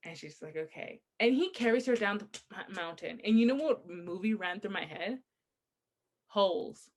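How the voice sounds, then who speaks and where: Animated young woman telling a story. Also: medium pitch, normal speed. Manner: animated storytelling, laughs often, acts out quotes. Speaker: podcast co-host. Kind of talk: casual chat.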